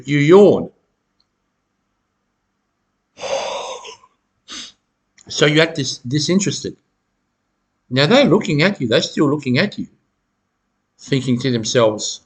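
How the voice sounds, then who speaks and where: Husky-voiced man giving advice. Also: mid-range voice. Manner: halting, repeats words, chuckles often. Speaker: self-help educator. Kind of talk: advice monologue to camera.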